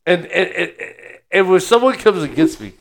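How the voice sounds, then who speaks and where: A man's voice: high voice, very animated, normal speed, creaky. A man co-hosting a casual chat, musing philosophically and laughing easily. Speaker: podcast co-host. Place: Texas.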